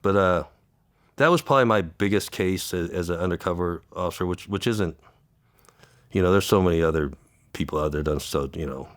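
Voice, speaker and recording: Deep-voiced man telling a tearful story. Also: no echo. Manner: halting, repeats words, acts out quoted dialogue. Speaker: interview guest, former undercover officer. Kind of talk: emotional storytelling.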